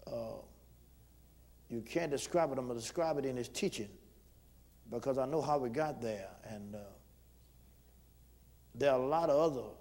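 A man preaching a sermon as pastor, leading call-and-response and swelling loud when he reads scripture. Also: medium pitch.

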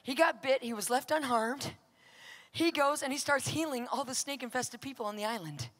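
A woman preaching, telling a story with lively acted-out dialogue that swings from whispers to shouts. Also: sits high, moderate pace, in a large hall. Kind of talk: sermon storytelling.

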